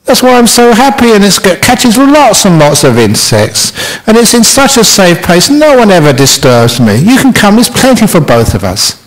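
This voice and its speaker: A man's voice: high voice, huge pitch swings, normal speed, hardly any pauses, voice pushed up, low-quality recording. A man voicing a big, fat, jolly male spider who is cheerful and welcoming in a storytelling talk.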